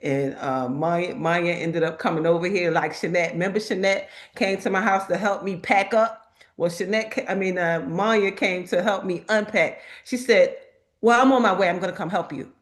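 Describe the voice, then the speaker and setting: A woman with a somewhat low voice hosts a casual live chat. She tells stories with energy and puts on the voices of the people she quotes. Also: moderate pace. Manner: lively storytelling that acts out quoted people. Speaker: host.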